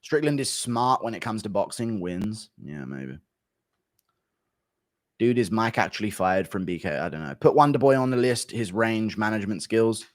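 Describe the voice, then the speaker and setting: A man, reacting to chat on a livestream, giving blunt, dismissive, rapid-fire verdicts. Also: on the low side, expressive, no echo, clean studio sound. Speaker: streamer.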